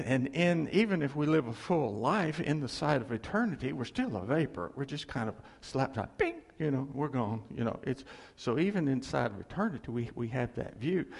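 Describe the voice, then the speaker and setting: A man's voice: mid-range voice, gravelly, husky. A man preaching a sermon in a loose, conversational way, chuckling and repeating his key phrases. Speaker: pastor. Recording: long hall reverb.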